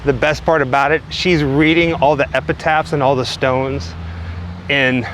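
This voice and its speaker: A man's voice: medium pitch, level tone, moderate pace, a bit bright. A man narrates a walking-tour vlog, chatty and enthusiastic as he shows viewers around. He talks into a handheld camera mic outdoors, with faint traffic passing behind him. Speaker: travel vlogger. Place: outdoors in a cemetery by a busy road. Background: faint cars and trucks.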